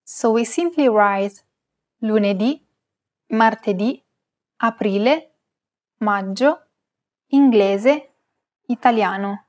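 A woman co-hosting a scripted language lesson. She says example words slowly and carefully so that learners can repeat them. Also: on the high side, darkish tone.

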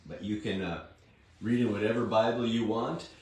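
A man hosting a devotional Bible reading, talking in a homely, plain-spoken way with a slightly rough morning voice. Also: on the low side, steady tone, moderate pace, darkish tone. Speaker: devotional host and Bible reader. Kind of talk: slow, unhurried devotional talk. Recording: very echoey room, distant mic, faint guitar.

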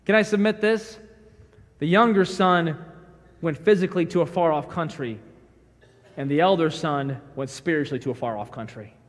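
A male pastor preaches a sermon in an emphatic style, slipping into the voices of the people he quotes. His voice sits high for a man, and it rings with the long reverb of a church sanctuary.

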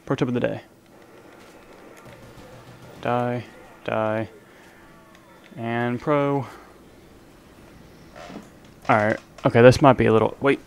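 A man's voice: mid-range voice, little pitch movement, slow pace, vocal fry, pauses often, a little hiss or hum. A young man giving casual, joking live commentary over an online zombie game, leaning toward his desk microphone and bantering at the other players. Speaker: gaming channel host. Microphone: desk microphone, leaning in to be heard.

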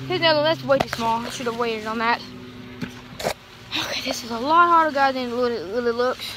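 A woman's voice: a little high, a little fast. Breathless young woman in a cornfield. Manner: chatty, rambling, talks to viewers. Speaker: vlogger. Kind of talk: casual vlog. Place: outdoors in a cornfield. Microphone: phone held in one hand. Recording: noisy outdoor phone recording.

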